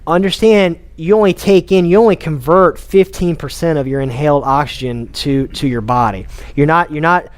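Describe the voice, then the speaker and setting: A man with a Texan accent giving an informal health talk to patients as a chiropractor, energetic, restarting sentences and repeating words as he goes. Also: on the high side. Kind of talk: casual seminar talk to patients.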